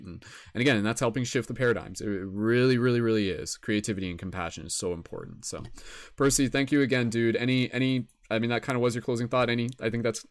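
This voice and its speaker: A man's voice: fairly low pitch, no echo, clean studio sound. Rambling, encouraging young male host. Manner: rambling, filler-heavy, encouraging. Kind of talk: casual online broadcast hosting. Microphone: video call.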